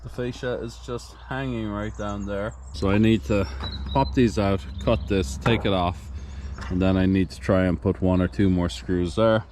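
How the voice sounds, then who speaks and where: Filming his farmhouse renovation while he works, partly out on a roof of the building site, a man talks casually to the camera, tired and out of breath. He rambles plainly and keeps correcting himself. His lowish, slightly mellow voice has fairly even intonation and normal speed, with slight background noise.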